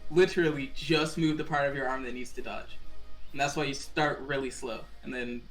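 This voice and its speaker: A man playing in a tabletop role-playing game, talking relaxed and a bit hesitant. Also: medium pitch, brisk, faint music behind, rough recording. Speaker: player. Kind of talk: casual tabletop role-play.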